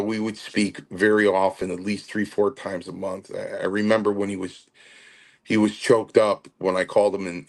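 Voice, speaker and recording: Middle-aged male guest, lowish voice, animated storyteller who acts out the voices of others. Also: creaky. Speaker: podcast guest. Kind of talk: storytelling interview.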